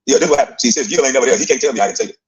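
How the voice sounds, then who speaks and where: A man's voice: medium pitch, rapid-fire. A middle-aged man telling a brash, boastful, profane story as a former player.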